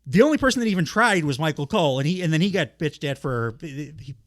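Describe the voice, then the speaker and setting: Blunt, laughing male podcast co-host, swings his pitch all over the place. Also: fast, no echo, clean studio sound. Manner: animated, laughing, ranting bluntly with profanity. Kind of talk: casual podcast chat about wrestling.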